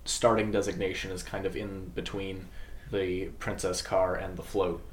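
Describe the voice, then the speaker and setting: A man's voice: low-pitched, moderate pace, echoey room, a little hiss or hum. A man chatting casually in an interview, telling anecdotes and acting out other people's voices. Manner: animated storyteller, acts out voices of others. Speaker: parade troll performer.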